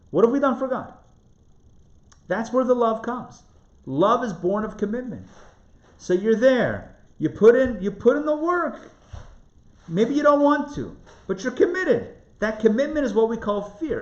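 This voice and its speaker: A man who is a rabbi teaching a live class, asking rhetorical questions and repeating phrases for emphasis. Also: on the high side. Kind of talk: live lecture on Jewish spiritual text. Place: lecture room in front of a live audience. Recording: roomy, somewhat dull live recording.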